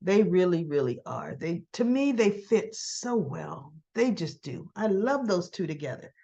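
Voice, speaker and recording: Woman, soap recap vlogger, slow unhurried delivery, muffled lo-fi sound. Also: lowish voice, big pitch swings, warm tone. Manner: slow, chatty, acts out both sides of dialogue, frequent throat clearing. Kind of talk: casual recap retelling scenes.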